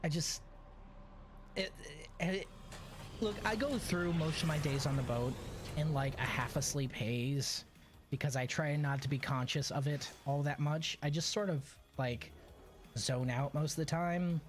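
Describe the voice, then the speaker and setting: A man streaming a game, telling a story in a sarcastic, animated way and often chuckling as he plays. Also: a little high, measured pace, background noise. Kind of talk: casual gameplay commentary and storytelling.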